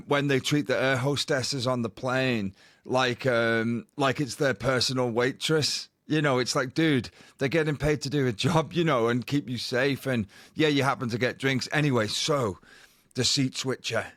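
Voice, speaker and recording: A man's voice: medium pitch, a bit bright, no room sound, clean studio sound. A man co-hosting a podcast, telling a rambling anecdote in casual chat. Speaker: podcast co-host.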